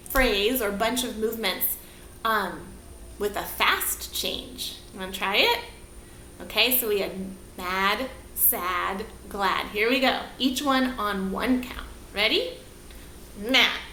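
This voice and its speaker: A woman teaching a movement lesson for young children, prompting them with slow, sing-song questions, recorded on a camera mic across a room. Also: a little high, a bit bright. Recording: echoey room, faint background hiss.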